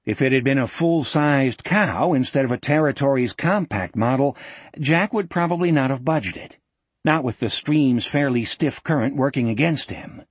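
Husky male audiobook narrator. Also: medium pitch, no room sound. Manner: measured, vivid storytelling.

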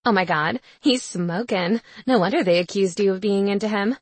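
A woman's voice: mid-range voice, normal speed, dry recording, lightly acted. Woman doing a snide gossipy sorority girl. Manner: mocking, snickering.

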